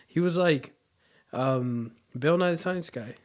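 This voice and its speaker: A man's voice: fairly high pitch, takes it slowly. Man, casual chat, laid-back, slangy, easygoing. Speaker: co-host.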